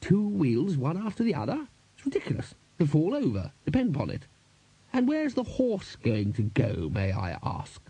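A man's voice: a little high, wildly swooping pitch, normal speed, creaky, warm tone, breathy edge, dry recording, pitched above the performer's own voice, full character voice. A man doing a reedy, fussy old wizard. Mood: fussy indignant. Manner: fussy, indignant muttering. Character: fussy elderly male wizard bursar.

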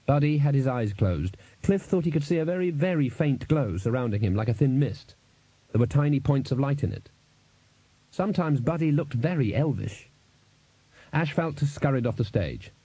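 Mellow, husky male narrator. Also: mid-range voice, moderate pace, no echo. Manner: steady storytelling read. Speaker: audiobook narrator. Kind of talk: scripted narration.

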